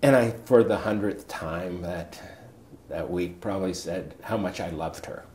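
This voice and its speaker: A man in his sixties, a coach, telling a personal story in a conversation with big swings of pitch. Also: measured pace, darkish tone, a little hiss or hum. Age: 60s. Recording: echoey room with faint ambience.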